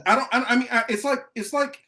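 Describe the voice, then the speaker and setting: A man's voice: very high voice, steady tone, fast talker, pushed and bright. A man hosting a political talk show, ranting emphatically with heavy profanity and repetition. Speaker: podcast host.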